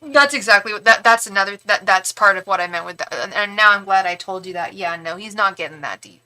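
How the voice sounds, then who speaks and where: A woman's voice: mid-range voice, fast talker, bright, forceful tone, rough recording. A woman giving a live-streamed tarot reading, chatty and reassuring, with lots of fillers and restarts and fond asides to the viewer. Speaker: tarot reader and psychic.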